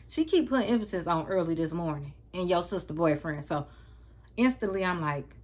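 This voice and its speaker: A woman's voice: lowish voice, lively intonation, fairly quick, darkish tone. A woman vlogger telling a dramatic story to her viewers in slangy, casual speech. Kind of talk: storytime vlog.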